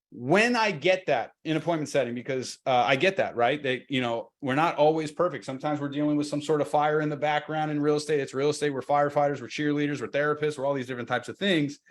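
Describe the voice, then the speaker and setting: A man giving a live sales training webinar, talking casually and acting out short exchanges between agent and client. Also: mid-range voice. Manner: energetic, conversational, acts out seller and agent lines. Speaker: real estate sales trainer.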